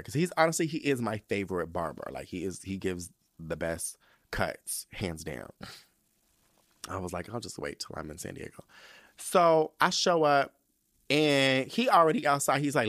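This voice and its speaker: A man hosts a podcast and rambles through casual stories, cursing freely and slipping into the voices of the people he quotes. His voice sits in a middle pitch, and the recording is dry and close with no room sound. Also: normal speed, no room sound. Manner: profane, animated, acts out quoted voices. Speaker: podcast host. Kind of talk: casual storytelling monologue.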